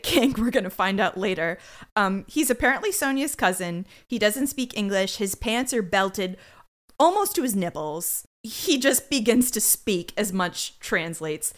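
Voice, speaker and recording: A woman's voice: medium pitch, fairly bright tone. A woman co-hosting a casual podcast, recapping a TV episode with incredulous exclamations and frequent laughter. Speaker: podcast co-host.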